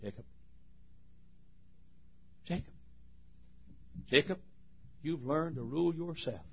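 A male preacher delivering a revival sermon in a husky voice, swinging from booming shouts to hushed asides and sing-song chants. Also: slow pace, lo-fi sound, a little hiss or hum.

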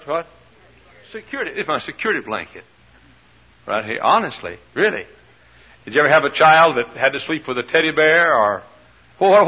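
A man preaching a sermon in church, questioning the congregation and swinging between shouted peaks and quiet asides. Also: mid-range voice, breathy edge, muffled recording.

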